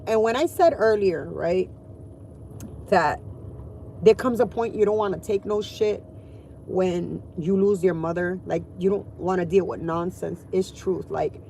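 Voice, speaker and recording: A woman's voice: on the low side, gravelly, darkish tone, slight background noise. A woman in her forties talking candidly and emotionally in a casual vlog from inside her car, swearing freely. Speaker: vlogger.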